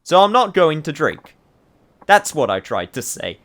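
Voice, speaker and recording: A man's voice: a little high, big pitch swings, a little slow, fairly bright tone. A young man giving rambling, self-deprecating commentary over a game, laughing at his own slips. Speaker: game streamer. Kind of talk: let's play commentary.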